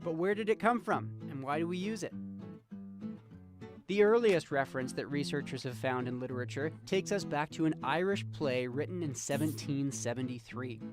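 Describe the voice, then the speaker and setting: A man's voice: on the high side, normal speed, over music. Man narrating a feature segment. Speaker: feature reporter. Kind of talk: scripted narration.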